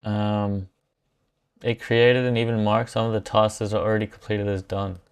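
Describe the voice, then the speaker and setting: Male streamer, low smooth voice, loose and unscripted, musing to himself as he tests tools. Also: flat delivery, normal speed. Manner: thinking aloud, reacting as he tries things. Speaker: livestream host testing software. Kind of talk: casual live-stream commentary.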